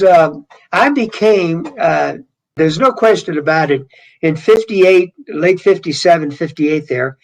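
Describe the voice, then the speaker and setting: An older man from Louisiana with a Southern drawl, telling rambling, animated stories as an interview guest. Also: on the high side, low-quality recording. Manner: rambling, animated storyteller with many restarts. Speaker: guest singer. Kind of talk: storytelling interview.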